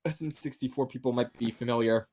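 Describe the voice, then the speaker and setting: A man giving casual live commentary on a speedrun race, quick and chatty with plenty of fillers. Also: medium pitch, steady tone, mellow.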